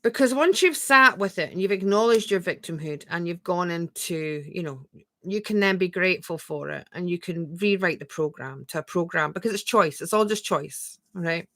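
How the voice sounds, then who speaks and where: A woman gives a spiritual coaching talk on a live stream, talking to viewers and answering their comments. Her voice is bright and sits fairly low, with a dry, close sound. She repeats phrases gently and leans on rhetorical questions. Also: moderate pace, no echo. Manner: reads viewer comments aloud and answers them.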